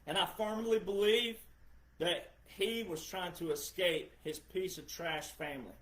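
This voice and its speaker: A middle-aged podcast host with a high, somewhat bright voice delivers an unhurried, emphatic political monologue in a lecturing tone, repeating phrases for effect. The recording has a roomy echo.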